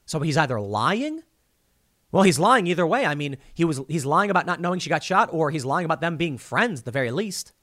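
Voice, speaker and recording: A man hosting solo political commentary, talking in an animated, self-interrupting way. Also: fairly high pitch, fairly quick. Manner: animated, self-interrupting, mocking quoted voices.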